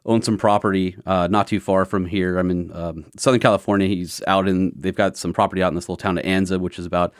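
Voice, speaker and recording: Smooth-voiced man telling a story. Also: low voice, quick pace, hardly any pauses, no room sound, clean studio sound. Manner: animated storyteller who acts out quotes. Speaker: podcast host. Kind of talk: casual conversation.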